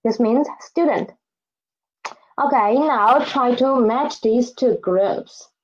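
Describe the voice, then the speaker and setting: A woman's voice: on the high side, takes it slowly, lo-fi sound. A woman teaching an online Chinese lesson, saying new words twice and asking learners to repeat after her.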